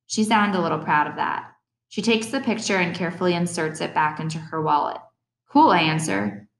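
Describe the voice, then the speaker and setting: A woman narrating an audiobook in the first person, expressive and reflective. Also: deep voice, a little fast.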